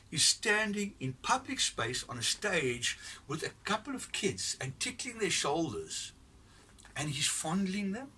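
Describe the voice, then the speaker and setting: A man's voice: on the high side, pushed and bright, far from the mic. A man giving a blunt, profane, rambling opinion rant, recorded from off the mic with faint noise behind him. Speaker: commentator giving his opinion.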